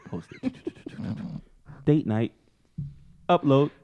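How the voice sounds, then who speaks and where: A man's voice: expressive, drawn-out words, smooth, muffled recording. Man doing a squealy starstruck female celeb fan. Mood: flirty gushing. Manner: gushing, high squealy voice.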